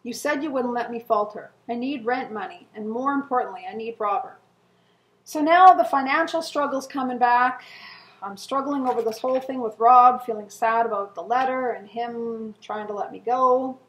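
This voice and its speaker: Middle-aged woman, somewhat high voice, earnestly reading her old journal entries aloud in an echoey room. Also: normal speed. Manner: earnest and emotional, with soft laughs and sighs. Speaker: co-host.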